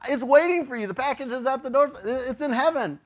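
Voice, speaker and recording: A man preaching a casual, joking sermon as a pastor, chatty and animated, acting out voices in his stories. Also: very high-pitched, brisk. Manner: chatty, with many "like" and "you know".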